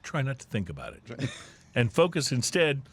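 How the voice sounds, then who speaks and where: A man's voice: medium pitch, wildly swooping pitch, moderate pace, vocal fry, husky. A man hosting a playful drinking-news segment on a podcast, reading stories with theatrical, punny delivery.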